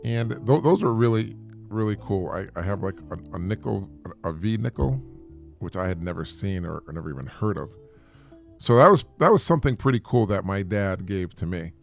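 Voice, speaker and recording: A middle-aged man hosts a casual solo talk podcast in a low, creaky voice at a fairly quick pace, with soft music in the background. Lively and chatty, he rambles and repeats words while sneezing from allergies.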